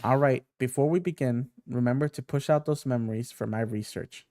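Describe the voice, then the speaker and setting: Guy reading a calm curious genius scientist, matter-of-fact, mid-pitched, dry sound. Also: a little fast, no echo, natural voice.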